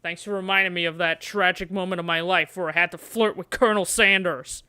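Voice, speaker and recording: A woman's voice: on the low side, fairly even intonation, a little fast, pushed and bright, clear, resonant tone, voice pushed down. A woman doing a snarky gamebook voice. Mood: mocking. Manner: mocking, sarcastic.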